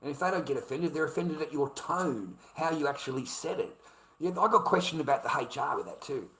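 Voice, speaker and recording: A man's voice: a little high, lively intonation, fairly quick, fairly bright tone, echoey room, poor audio. An older Australian man ranting in an aggrieved, swearing, repetitive vlog monologue.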